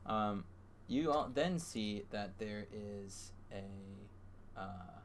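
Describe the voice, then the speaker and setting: Halting low-voiced game master. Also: male voice, slight background noise. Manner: halting, with many fillers. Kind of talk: narrating a tabletop game.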